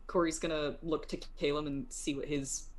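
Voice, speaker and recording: A woman's voice: sits low, little pitch movement, moderate pace. A woman playing a tabletop game, declaring her character's actions with hesitant "um"s. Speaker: player.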